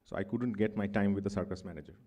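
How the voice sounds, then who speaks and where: A man's voice: lowish voice, fairly even intonation, fast talker, dark tone. A man in his thirties with a Bengali accent, giving an academic conference talk in a thoughtful, discursive way with many asides. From India. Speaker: conference speaker. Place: conference hall.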